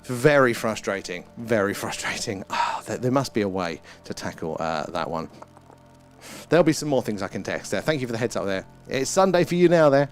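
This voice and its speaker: A man's voice: fairly low pitch, very animated, fairly quick. A British man hosting a casual live stream, chatting, greeting viewers by name and swearing mildly. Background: faint ambient music.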